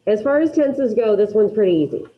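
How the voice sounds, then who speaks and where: A Spanish teacher with a middle-register voice leads a grammar lesson, animated and brisk, full of upbeat energy. She drills repetition and fires questions at her students. The audio is dull and lo-fi, like a classroom capture.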